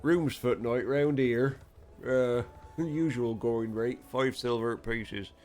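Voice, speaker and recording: Man playing a gruff Yorkshire barkeep, teasing, haggling, faint music. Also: mid-range voice, steady tone, slow pace, darkish tone, natural voice. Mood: matter-of-fact. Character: blunt Yorkshire innkeeper, gruff and money-minded.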